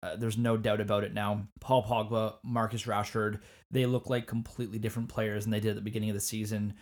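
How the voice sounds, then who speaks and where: Casting: male podcast host, casual and animated, stumbles into his points. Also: lowish voice, quick pace. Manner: animated, repeats words when starting a point. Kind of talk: casual sports podcast chat.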